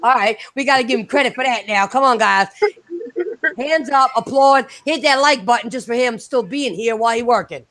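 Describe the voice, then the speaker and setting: Irish woman, podcast host, brash and excitable, swears freely, voice sits a little high. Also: a little fast, dry recording. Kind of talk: live gaming podcast chat.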